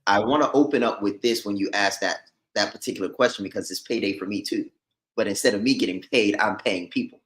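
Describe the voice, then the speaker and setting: A man's voice: fairly low pitch, quick pace, fairly bright tone. A man who owns a business, chatting openly and easygoing as a podcast guest. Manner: open and easygoing. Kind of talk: casual podcast chat. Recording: roomy echo.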